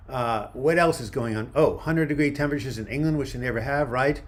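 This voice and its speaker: A man's voice: medium pitch, moderate pace, hardly any pauses. A man in his seventies rambles through a casual livestream outdoors, speaking into a handheld phone. He reads viewer comments aloud and drifts between thoughts in an everyday mid-range voice. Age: 70s. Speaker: livestream host. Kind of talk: casual livestream chat answering viewer questions. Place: outdoors by a river waterfront. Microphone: phone held in one hand.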